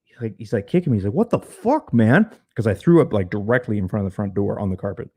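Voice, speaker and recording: A man's voice: fairly low pitch, animated, very fast, warm tone, breathy edge, no echo. A man who is a podcast guest, telling a story candidly with frequent swearing and stuttered restarts. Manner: frank, profane, repeats words when starting. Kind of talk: casual storytelling.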